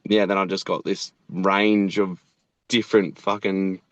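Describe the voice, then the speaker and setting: An Australian man in his thirties, laid-back and rambling, who swears freely in casual chat. His voice is fairly low and sits dry and close, with a dull, lo-fi tone. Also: little pitch movement, unhurried, no room sound. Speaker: animator and show creator, guest.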